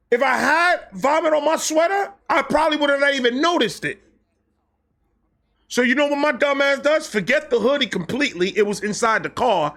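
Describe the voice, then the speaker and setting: A young man telling a casual, comedic story, animated, acting out quotes with slang and swearing. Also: very high voice, normal speed. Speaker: storyteller host.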